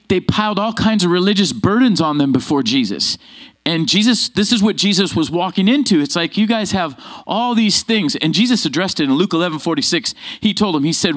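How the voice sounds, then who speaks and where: A man preaches a Sunday sermon in a slightly raised pitch. He speaks with lively energy and calls on the congregation to answer him. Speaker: pastor. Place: church sanctuary with congregation.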